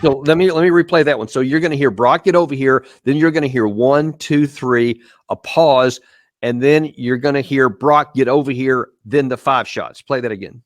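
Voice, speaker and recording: A man's voice: medium pitch, moderate pace, noisy background. A man hosting a live show, walking viewers step by step through video clips in an emphatic commentary style.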